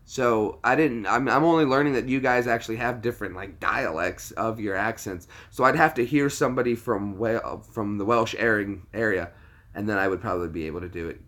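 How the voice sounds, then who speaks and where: A man from the United States hosting a relaxed livestream, chatting with his viewers. He is jokey and quick to laugh, with a voice of ordinary pitch. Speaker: livestream host. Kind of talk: casual livestream chat.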